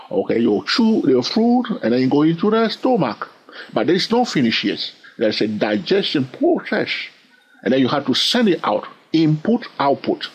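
Lively husky-voiced man teaching trading. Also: medium pitch. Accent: French-influenced. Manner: animated, repeats "all right?" and "okay". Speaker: trading instructor. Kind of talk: explanatory trading lesson. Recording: dull lo-fi recording.

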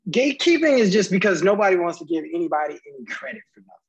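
Podcast co-host, man, high husky voice, fiery profane rants. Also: big pitch swings, very fast, highs cut off. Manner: heated, profane ranting. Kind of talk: casual chat.

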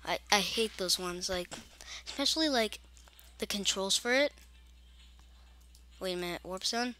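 Bright-voiced young woman grumbling through gameplay. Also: mid-range voice, unhurried. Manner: chatty, grumbling, mock-scared asides. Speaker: gaming channel host. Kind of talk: casual gameplay commentary.

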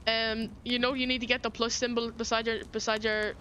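A woman's voice: fairly high pitch, level tone, fairly quick, bright, forceful tone, slight background noise. An Irish woman streaming a game, chatting casually, swearing freely and often restarting her sentences. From Ireland.

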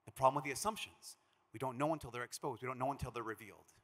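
A man from Minnesota, a priest giving a conference talk, an animated storyteller who acts out the quotes he tells. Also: medium pitch, racing. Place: large conference hall. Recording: long reverb of a big hall.

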